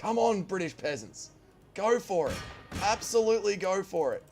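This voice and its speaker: Male game streamer, high voice, loud swearing play-by-play, faint music under. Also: moderate pace. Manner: excitable, swearing, shouting orders and cheers. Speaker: gaming streamer. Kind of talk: live strategy-game commentary.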